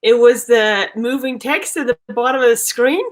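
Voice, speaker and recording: A woman's voice: on the high side, normal speed. A woman in an improv guessing game, firing off quizzical guesses. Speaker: improv performer.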